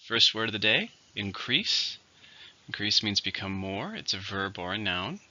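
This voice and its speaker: A man teaching English vocabulary in a scripted lesson, saying each word slowly and clearly and then repeating it. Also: on the low side, sing-song, bright, forceful tone. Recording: dull lo-fi recording.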